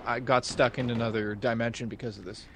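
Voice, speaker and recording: A man streaming a game who reads out donations and tells animated stories in casual chat, swearing freely. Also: mid-range voice, brisk, a little hiss or hum. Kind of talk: casual chat while gaming. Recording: game music loud underneath.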